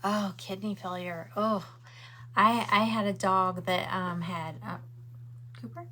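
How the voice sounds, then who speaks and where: This middle-aged craft livestream host talks slowly in a mid-range voice with fairly even intonation and a bright, forceful tone. She chats and rambles at home, answering viewer comments as she crafts.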